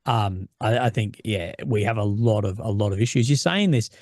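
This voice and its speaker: An Australian man hosting an interview, talking casually and haltingly with many fillers. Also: lowish voice, darkish tone, dry recording, clean studio sound. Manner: halting, with frequent fillers and restarts. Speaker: host, former infantry soldier.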